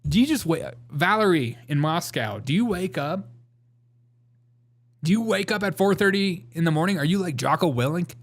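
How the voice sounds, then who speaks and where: A man with a high-sitting, expressive voice hosts a live show at a moderate pace, chatting casually and rambling through jokes. He reads the chat aloud and answers it, laughing often.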